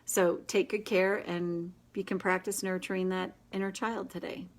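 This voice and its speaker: A woman hosting a casual live session, coaching a group in an earnest, gentle and encouraging way, with quick asides. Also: lowish voice, little pitch movement. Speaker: inner child tapping coach, host.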